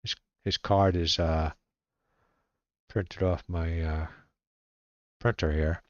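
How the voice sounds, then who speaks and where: A man talks his way through a solo tabletop baseball game, reading out dice numbers and stopping now and then to check his sheets. He speaks in a relaxed, halting way, muttering half to himself. The recording is dry and somewhat muffled, with no room sound. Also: low-pitched, no room sound. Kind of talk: casual play-by-play while rolling dice.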